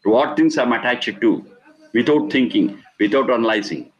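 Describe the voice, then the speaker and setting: A man's voice: medium pitch, moderate pace, lo-fi sound. A middle-aged man giving a spiritual discourse, stressing and repeating key words and explaining Sanskrit terms. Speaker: Vedic teacher.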